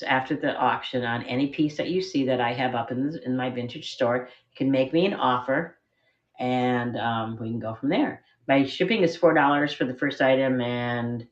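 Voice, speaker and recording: A woman's voice: very deep voice, highs cut off. Chatty woman running a live jewelry auction. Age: middle-aged. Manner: chatty, rambling, self-deprecating. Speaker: online jewelry seller. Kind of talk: live-stream auction chat. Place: spare bedroom at home.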